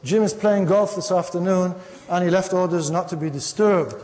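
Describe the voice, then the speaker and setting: A man's voice: sits high, normal speed, a little mellow, lightly acted. A man voicing a polite, evasive answering machine that grows flustered. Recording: long reverb of a lecture hall.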